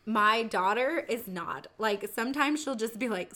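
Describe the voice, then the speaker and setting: A middle-aged woman chatting casually, telling family stories in an animated way and laughing often. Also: mid-range voice, a little fast, hardly any pauses. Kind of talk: casual chat.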